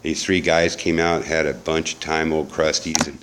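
Over some background noise, a recovery speaker in middle age tells his story in an extremely low voice with little pitch movement, at normal speed. He rambles candidly and profanely, restarting again and again.

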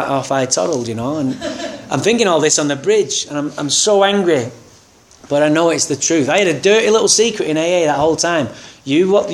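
A man telling a candid, wry personal story about his recovery, acting out the people in it. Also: a little high. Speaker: speaker sharing a recovery story.

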